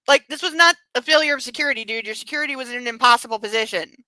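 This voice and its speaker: A woman with a bright, forceful voice reads a novel aloud and keeps stopping to mock it in exasperated, cussing asides. Her voice sits a bit high and sounds close and dry. No room sound comes through. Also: racing, dry recording, rough recording. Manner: exasperated, mocking, swears freely. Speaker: book club host. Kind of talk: reading aloud with sarcastic commentary.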